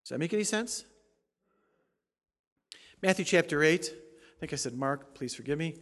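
A man preaching a sermon as pastor, emphatic, moving from quiet asides to loud rising exhortation. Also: fairly high pitch, expressive, moderate pace. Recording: long hall reverb.

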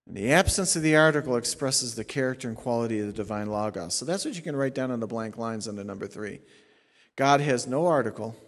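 A male pastor teaching a sermon, explaining Greek grammar point by point with emphatic stresses. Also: medium pitch. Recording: long hall reverb.

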